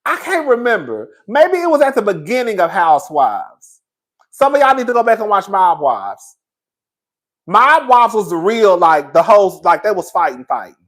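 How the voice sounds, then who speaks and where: Sassy man spilling reality tv tea, cussing, cackling, acting out shouted fights, bit tipsy. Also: sits high, sing-song, moderate pace. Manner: sassy, profane, laughs often, acts out loud shouted impressions. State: a little tipsy. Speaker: commentary host. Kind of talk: animated reality-TV gossip commentary.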